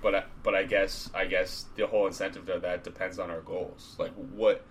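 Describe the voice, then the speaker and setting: A man's voice: deep voice, little pitch movement, moderate pace, a little hiss or hum. A man co-hosting a casual podcast chat, laid-back and swearing freely as he retells stories. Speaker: podcast co-host.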